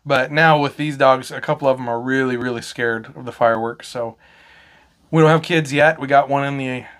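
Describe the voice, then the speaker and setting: A man in his thirties chats casually on a podcast recorded at home. He tells rambling stories and swears freely. His voice sits at an ordinary middle pitch. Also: steady tone, fairly quick, a bit bright. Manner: swearing, storytelling. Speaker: podcast co-host. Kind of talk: casual chat.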